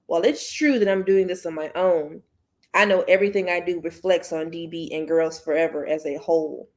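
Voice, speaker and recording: Woman host, low voice, reads fiction aloud, casual asides to viewers. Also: fairly even intonation, brisk, darkish tone. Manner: chatty, slips and restarts, speaks to viewers as y'all. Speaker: book club host.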